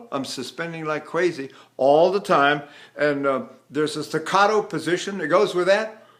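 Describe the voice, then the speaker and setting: Older male voice teacher, bright tenor. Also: on the high side, moderate pace, faint music behind. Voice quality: trained tenor voice. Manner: animated, breaks into sung phrases. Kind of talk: vocal lesson with sung demonstrations.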